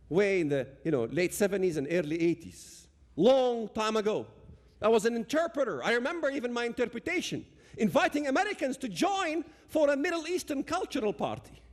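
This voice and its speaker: A man with a Palestinian Arabic accent giving an impassioned talk, addressing the audience directly and emphatically. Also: sits high. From Palestinian territories.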